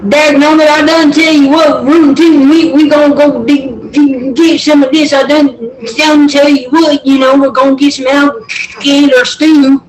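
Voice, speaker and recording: A woman's voice: high-pitched, little pitch movement, unhurried, darkish tone, echoey room, a little hiss or hum, voice pushed up, poor audio. A woman voicing a rowdy Southern country yokel with a put-on Southern drawl and folksy slang. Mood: goofy.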